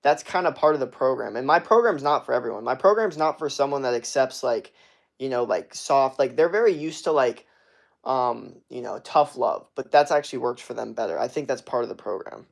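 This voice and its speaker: Here a male fitness coach livestreams casually, his mid-range voice expressive, brisk, and gravelly. He swears at almost every turn while answering chat, ranting in a blunt, aggressive way with frequent fillers and restarts.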